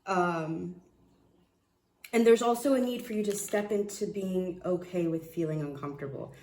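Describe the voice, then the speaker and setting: A woman giving a casual tarot reading, excitable and profane, often restarting her sentences. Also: on the low side, moderate pace, echoey room, slight background noise. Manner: excitable, swears, laughs, trails off and restarts. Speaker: tarot reader.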